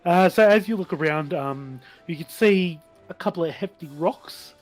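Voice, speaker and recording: A man's voice: sits high, normal speed, soft background music. A man with an Australian accent narrating a tabletop game as game master, hesitant and full of ums and sort-ofs.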